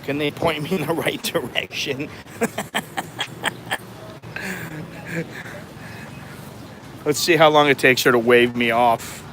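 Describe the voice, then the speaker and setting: A travel vlogger from the United States walking through a city, chatting in a wry, self-mocking way with chuckling asides, sweaty from the heat. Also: male voice, a little high, extremely slow, long pauses, a bit bright. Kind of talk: casual walking vlog. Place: busy city streets outdoors. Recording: outdoor street noise.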